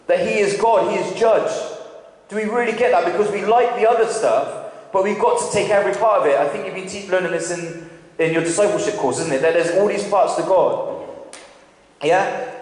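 Male preacher, higher voice, chatty questioning delivery, long church reverb. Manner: conversational, asks the congregation questions. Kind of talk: sermon. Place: church hall. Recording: very echoey hall with long reverb.

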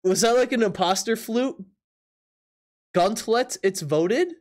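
A streamer doing live commentary, voice pitched in the middle of the range. The delivery breaks into laughter again and again, with stumbling restarts and incredulous questions. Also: lively intonation, takes it slowly, a little mellow. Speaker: Twitch streamer.

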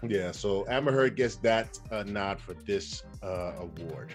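A man's voice: on the low side, a little slow, soft background music. A man co-hosting a film podcast in casual chat, hesitant, with many ums and uhs.

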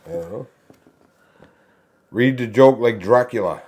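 A man's voice: mid-range voice, a little slow, a little mellow. A man co-hosting a joke-reading game, chatting casually with mumbled asides and easy laughter. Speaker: co-host.

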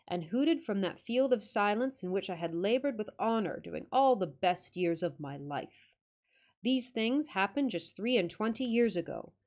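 Brief: bitter reclusive old scholar, measured and solemn, read by a woman narrator. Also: mid-range voice, a little mellow, lightly acted.

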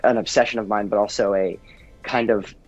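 A teenage boy talks earnestly as an interview guest, pausing on ums and restarting his sentences. His voice comes through dull and lo-fi. Faint music plays underneath. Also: on the low side, fairly even intonation. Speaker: actor guest. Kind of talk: casual interview chat.

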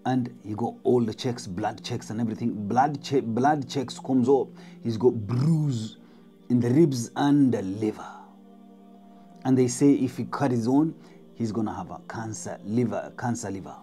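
A man's voice: medium pitch, a little slow, warm tone, soft background music. A man telling a spooky story in a dramatic way, repeating words and dropping to whispers. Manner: dramatic, repetitive, drops to whispers. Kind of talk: spoken storytelling.

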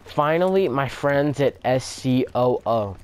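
With lively intonation, a medium pitch, and a measured pace, a young man tells a casual, meandering story over gameplay. He curses frequently, relies on "like" as a filler, and game gunfire sounds in the background.

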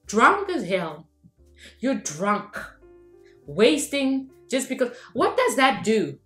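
A woman's voice: fairly high pitch, very animated, takes it slowly, fairly bright tone, reverberant, faint music behind. A South African woman vlogging in casual commentary, mocking and laughing often as she switches between English and local languages.

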